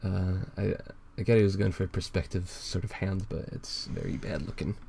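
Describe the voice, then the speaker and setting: Male podcast co-host, deep-ish, giggly, quick to put on silly posh voices, faint background hiss. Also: fairly even intonation, vocal fry, warm tone. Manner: laughs often, drops into mock-posh voices. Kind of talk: casual comic chat.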